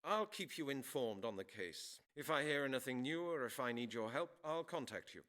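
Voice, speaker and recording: A man's voice: mid-range voice, animated, moderate pace, a bit bright, close to an everyday voice. An actor playing a formal, courteous male police detective. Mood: polite. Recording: game audio with faint music.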